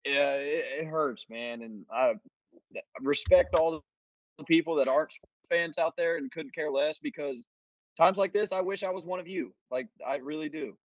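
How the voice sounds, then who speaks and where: Young man, slightly raised pitch, reflective sports chat, dry sound. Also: normal speed, dry recording, lo-fi sound. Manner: wistful, reflective. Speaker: podcast co-host. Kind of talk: casual chat.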